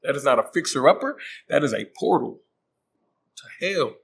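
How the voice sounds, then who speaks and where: A man's voice: a little high, lively intonation, normal speed, vocal fry, husky. A man hosting a comedic movie recap, joking in slang and acting out the characters' voices. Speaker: host.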